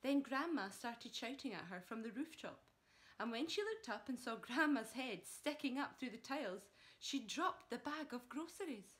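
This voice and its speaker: A woman teacher reads a children's chapter book aloud, her bright, high voice rising and falling a great deal. The delivery is expressive and clear, made for young listeners. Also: normal speed. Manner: expressive storytelling. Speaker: primary school teacher.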